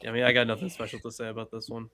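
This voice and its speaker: A man's voice: medium pitch, monotone, rapid-fire, bright, forceful tone, clear, resonant tone, no echo. A man hosting a podcast and chatting in a casual, rambling way with fillers.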